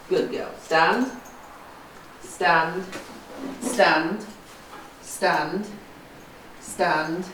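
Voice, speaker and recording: In a stable yard, a horse owner and vlogger works with her young horse, calling out short praise and commands and explaining things to the camera in a casual way. Her fairly low voice is picked up from far off, sounding roomy with background noise.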